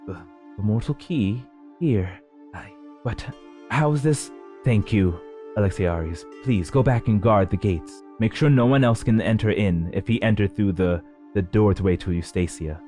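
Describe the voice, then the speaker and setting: A composed female goddess in chains, speaking in an even, measured way, as a man puts her on. The voice sits a little above his own low register. Faint music drifts behind it. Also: lightly acted. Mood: puzzled. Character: calm shackled female goddess.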